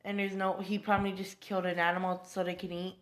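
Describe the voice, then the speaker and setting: A woman's voice: fairly low pitch, little pitch movement, fast. A woman improvising a fan-fiction story aloud, hesitant with many fillers and restarts.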